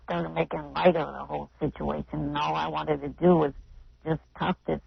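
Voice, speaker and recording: A man phoning in to a radio show, talking in a hesitant, halting way full of fillers. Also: fairly high pitch, flat delivery, creaky, breathy edge, no room sound, highs cut off. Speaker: caller. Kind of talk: phone-in call.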